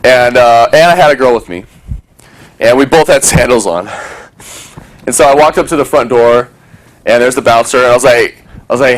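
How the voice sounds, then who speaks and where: A man's voice: mid-range voice, normal speed, long pauses. A man talking casually to a small group, telling a story and acting out other people's voices, swearing freely.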